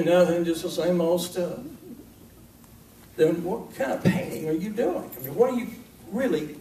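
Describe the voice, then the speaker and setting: A man preaching a sermon to his congregation in a conversational, emphatic way, with pauses for effect. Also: fairly high pitch, a little mellow, slight background noise. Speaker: pastor. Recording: echoey hall recording from far off.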